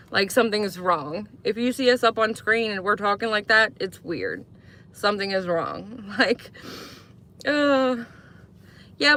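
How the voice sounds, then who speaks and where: Woman, bright tone, casual live stream chat, rambling and reading comments aloud. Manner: chatty, answers chat comments, mimics sweet talk in high voice.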